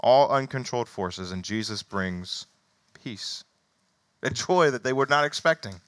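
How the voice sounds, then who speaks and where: A man's voice: mid-range voice, expressive, a little slow, a bit bright, no room sound. A man preaching a sermon, reading scripture aloud with rising emphasis and then commenting casually with small laughs.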